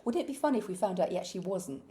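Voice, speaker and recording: Brief: woman podcast co-host, teasing chatter, animated pitch. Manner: chatty, teasing, quick to laugh. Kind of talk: casual chat.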